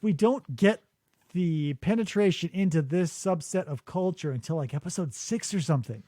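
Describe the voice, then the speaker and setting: A man with a high, lively voice tells stories on a podcast, jumping between his own voice and acted-out quotes and swearing freely. The sound is dry and close, with no room around it. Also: moderate pace, dry recording. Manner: animated storytelling, acts out quotes, swears freely. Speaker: podcast host. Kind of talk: casual chat. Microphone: studio microphone.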